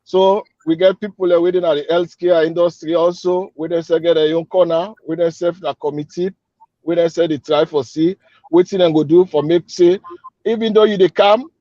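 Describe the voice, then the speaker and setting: A man's voice: a little high, fairly even intonation, moderate pace, mellow, no echo, highs cut off. A man with a Sierra Leonean Krio accent, an event organizer giving an upbeat, persuasive interview and repeating his calls to act. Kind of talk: radio interview guest.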